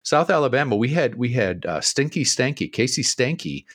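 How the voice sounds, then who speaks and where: A middle-aged man on a podcast, co-hosting and telling an animated story with a lot of laughter. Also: medium pitch, normal speed, no echo, clean studio sound. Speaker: co-host. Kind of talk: casual storytelling.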